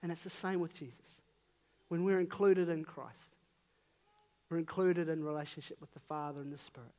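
A man's voice: fairly high pitch, a little mellow. A man in his thirties with a New Zealand accent, preaching a sermon in an earnest, conversational way with emphatic rises on key phrases.

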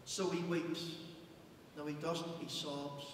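Male preacher, fervent sermon that swells and drops, high voice, recorded from afar in a reverberant church hall. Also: flat delivery, slow. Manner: impassioned preaching, rising and dropping to near hush. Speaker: pastor. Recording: echoey church hall, distant mic, faint hum.

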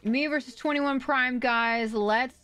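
A young adult woman live-streaming, chatting excitedly with her viewers, thanking donors, swearing and laughing. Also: high-pitched, slow. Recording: faint music behind.

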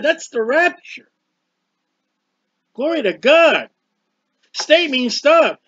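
A man preaching a bible sermon, emphatic and repetitive, building to loud exclamations. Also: very high voice, dry recording. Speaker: street preacher. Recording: dull muffled lo-fi audio.

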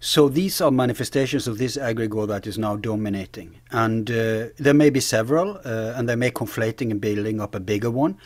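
A man's voice: medium pitch, no echo. Earnest male guest explaining ideas. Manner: earnest, explaining slowly and searching for words. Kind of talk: conversational interview.

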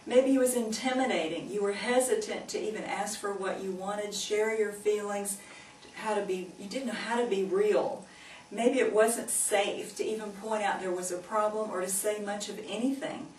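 A woman giving a Christian teaching, earnestly telling a story and gently urging her listeners. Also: mid-range voice, moderate pace. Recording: echoey room, mic at a distance, faint noise.

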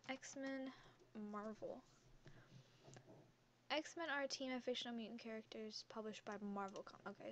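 A teenage gaming YouTuber chats casually and giggles while reading quiz questions aloud and answering them. Her fairly high voice comes through a headset mic hung around her neck, with a little hiss or hum.

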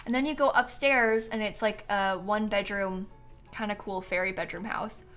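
A woman's voice: mid-range voice, fairly even intonation, moderate pace, fairly bright tone, soft background music. A woman chatting casually to viewers on a live game stream, bubbly and giggly, a bit tired and yawning.

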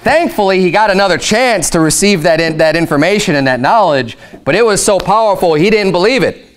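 High-pitched guy preaching, animated and emphatic, acts out the quotes. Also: a little fast. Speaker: pastor. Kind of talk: sermon.

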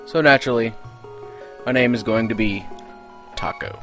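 A man hosting a let's play, giving excitable, profane commentary full of joking asides. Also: mid-range voice, normal speed. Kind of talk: gameplay commentary. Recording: game music playing behind.

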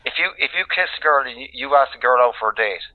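A male caller asks his question in halting, repetitive bursts. His voice comes through a narrow, tinny telephone line. His pitch sits at an ordinary middle level. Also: lively intonation. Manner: stammering, repeats his words.

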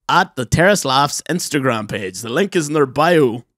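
A young man, co-hosting a comedy podcast in crude, laughing, quick banter. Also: medium pitch, lively intonation, fairly bright tone, no room sound, clean studio sound. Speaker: podcast co-host. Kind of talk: casual comedy podcast chat.

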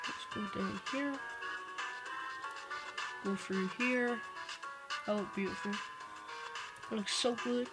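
A woman giving casual let's-play commentary, reading the on-screen text aloud and reacting quickly. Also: medium pitch, fairly even intonation, low-quality recording. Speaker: gamer. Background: game music.

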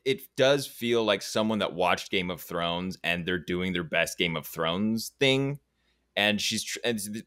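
Low clear-voiced man musing. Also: fairly bright tone, dry recording, clean studio sound. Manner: thoughtful, rambling with restarts. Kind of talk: casual TV review chat.

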